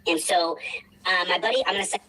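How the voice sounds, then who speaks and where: A man's voice: sits high, fast, bright, forceful tone, slight background noise, low-quality recording. A man livestreaming who rambles emotionally, repeats himself and pleads. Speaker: livestreamer asking for a fundraiser.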